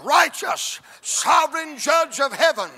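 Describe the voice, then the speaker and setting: A male preacher delivering a sermon in rhythmic, shouted, repeated exhortations. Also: very high voice, animated, unhurried.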